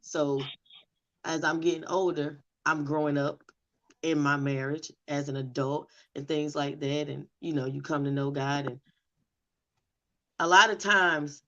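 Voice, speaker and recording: A woman's voice: low voice, fairly even intonation, measured pace, a bit bright, highs cut off. A middle-aged woman telling her personal story in an interview, with emotional, emphatic delivery. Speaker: interview guest.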